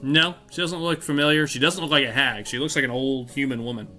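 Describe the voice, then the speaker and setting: A man runs a tabletop game, describing the scene in a loose, hedging way and leaning on "kind of" and "like." His voice is bright and forward, with mid-range pitch. A faint instrumental track sits in the background. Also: fairly even intonation, fairly quick, soft background music. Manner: loose, hedging narration with fillers. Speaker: game master.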